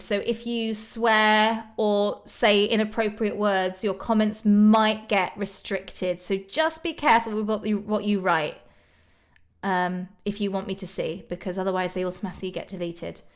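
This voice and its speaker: A woman's voice: mid-range voice, fairly even intonation, moderate pace, a bit bright. A young woman from just northwest of London with a southern English accent, chatting casually on a live stream and answering viewers' questions with lots of ums and little laughs. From England, northwest of London. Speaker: YouTube singer hosting a live stream. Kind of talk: casual live-stream chat reading comments.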